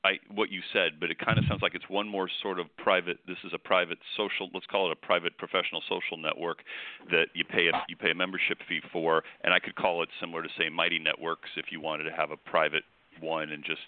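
Male co-host, deep and quick, hedging musings, dry narrow audio. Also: little pitch movement. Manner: rambling, hedging, restarts. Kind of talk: casual talk show discussion. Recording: dry, phone-like narrow sound.

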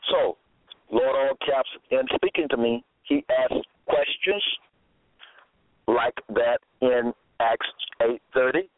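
A man preaching alone in a deliberate, halting way, reading scripture aloud with many fillers and repeated phrases. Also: medium pitch, no echo. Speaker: preacher presenting his own episodes. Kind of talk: slow solo sermon reading scripture aloud. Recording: tinny phone-line sound, dry.

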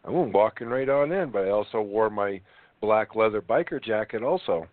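A man's voice: on the low side, lively intonation, moderate pace, no room sound. A man chatting casually as a guest, boasting a little and chuckling as he talks. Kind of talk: casual chat. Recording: phone-line call.

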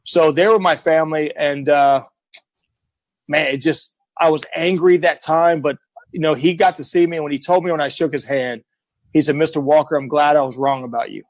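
A man's voice: on the high side, fairly even intonation, normal speed, no room sound, rough recording. Earnest middle-aged man telling his story. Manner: earnest, emphatic, acts out quoted voices. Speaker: guest. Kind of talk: emotional personal storytelling.

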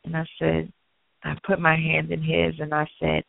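A woman's voice: low voice, a little fast, creaky, no echo. A woman from Annapolis, Maryland, telling her personal story as an interview guest, acting out the dialogue as she goes. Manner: animated, acts out dialogue. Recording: tinny phone-line sound.

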